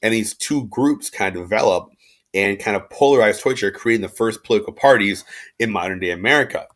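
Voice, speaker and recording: A man's voice: fairly low pitch, fast talker, fairly bright tone. A man giving an informal history lecture as a teacher, talking casually with lots of fillers and asides.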